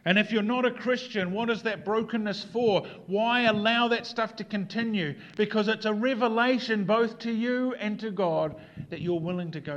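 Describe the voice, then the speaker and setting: A man preaching a sermon in an earnest way, moving between quiet reflection and animated emphasis. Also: high voice, moderate pace, lo-fi sound. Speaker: pastor.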